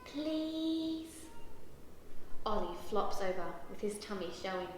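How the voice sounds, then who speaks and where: Woman, storybook reader for kids, lively, unhurried, faint hiss behind. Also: fairly high pitch. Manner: expressive, lively character voices, asks listeners questions. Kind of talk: reading a picture book aloud to children. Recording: very echoey room, faint background noise.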